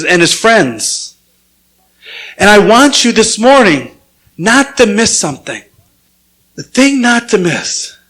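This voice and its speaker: A man with a fairly high voice delivers a sermon to his congregation in a church. He talks in a relaxed, conversational way while he tells a story. When he quotes other people, he voices their lines by raising his pitch. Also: poor audio. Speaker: pastor.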